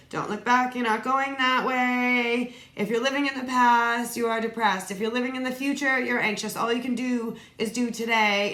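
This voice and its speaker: A woman's voice: fairly high pitch, fairly bright tone. Woman reading tarot cards aloud. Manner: reads card phrases aloud with casual asides. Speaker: tarot reader. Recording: echoey room, faint noise.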